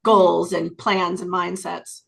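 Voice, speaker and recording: A woman's voice: lowish voice, flat delivery, slow pace, gravelly. A woman on a panel discussion, offering earnest, thoughtful remarks.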